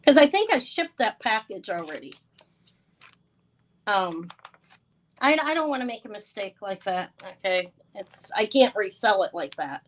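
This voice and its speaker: A woman's voice: mid-range voice, very animated, unhurried, pauses often, low-quality recording. A tired, stressed woman hosting a live jewelry sale, talking in a flustered, apologetic way with many stumbling restarts. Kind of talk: live-stream sales chat.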